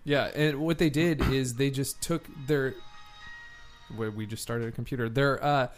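Relaxed male podcast co-host. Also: medium pitch, moderate pace, soft background music. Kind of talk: casual chat.

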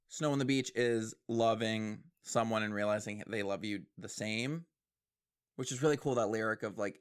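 A man casually reacting to new songs, excitable, swearing often and breaking into laughter. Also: medium pitch, clean tone. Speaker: music reaction host. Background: faint music.

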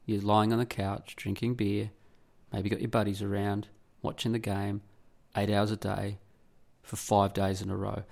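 A man's voice: lowish voice, flat delivery, moderate pace, gravelly, darkish tone. An Australian man hosting a podcast in a rambling, blunt monologue, swearing freely. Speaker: podcast host. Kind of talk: casual opinionated monologue.

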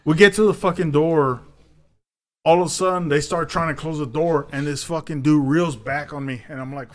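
A man co-hosting a podcast, telling a long story in a casual, profane way and loudly acting out the lines he quotes. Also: fairly high pitch, fairly even intonation, normal speed. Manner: heavy swearing, says dude a lot. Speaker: podcast co-host.

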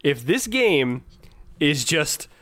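A man chatting excitedly about games on a casual podcast, rambling with lots of fillers. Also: fairly high pitch, takes it slowly, dry recording. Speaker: podcast co-host. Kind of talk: casual gaming chat.

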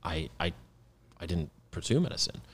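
A man's voice: low voice, very animated, moderate pace, husky. A man in his thirties, a guest founder explaining his work in a loose, casual podcast chat with plenty of fillers.

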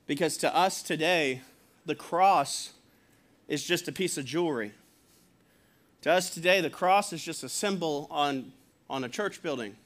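High-voiced conversational male preacher. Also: fairly bright tone. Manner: conversational, chuckles often, acts out quotes. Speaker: pastor. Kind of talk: sermon.

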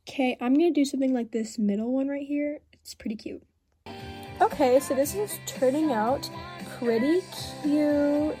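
A woman's voice: fairly high pitch, dark tone. A woman chatting casually to her viewers while making bracelets, rambling with lots of fillers and self-deprecating asides. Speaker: vlogger. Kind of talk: casual vlog chat while crafting.

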